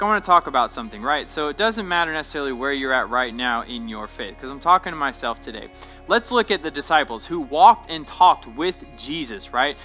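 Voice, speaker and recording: A man's voice: medium pitch, pushed and bright, low-quality recording. A young man, a pastor, giving a short devotional talk in a casual, conversational way that often checks in with "right?".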